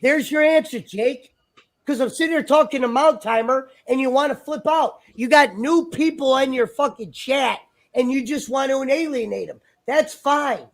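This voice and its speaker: A man's voice: very high-pitched, normal speed. A man chatting on a livestream in a rambling, argumentative, profane way. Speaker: stream guest. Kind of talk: casual livestream chat.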